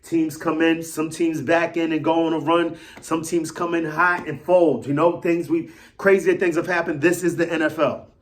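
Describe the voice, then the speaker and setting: A man giving casual solo commentary as a fan vlogger, rambling and animated, repeating himself and swinging between loud and soft. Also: on the high side, normal speed, few pauses.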